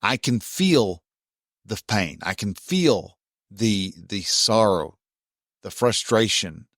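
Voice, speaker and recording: A man's voice: fairly low pitch, expressive, takes it slowly, a bit bright, no room sound, studio quality. A man, hosting a casual self-help talk in a plainspoken, folksy way with mild cursing. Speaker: self-help podcast host.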